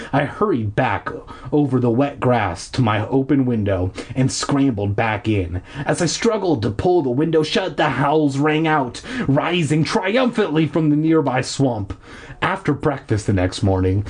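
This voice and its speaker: A husky man reads a storybook aloud at home, his pitch rising and falling freely. Now and then he drops into deadpan, crude asides. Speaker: amateur reader. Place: at home with windows open. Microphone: laptop.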